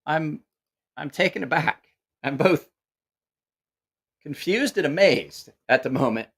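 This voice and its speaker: A man's voice: fairly high pitch, expressive, slow pace, fairly bright tone, husky. Profane, incredulous man hosting a live stream. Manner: incredulous, profane, mocking rants with laughter. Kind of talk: casual live-stream commentary.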